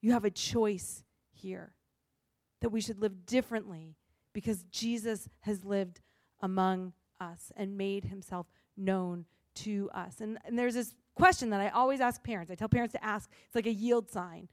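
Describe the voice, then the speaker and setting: A woman pastor giving a sermon in an earnest, expressive way, acting out the lines she quotes. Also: medium pitch, moderate pace, no echo, clean studio sound.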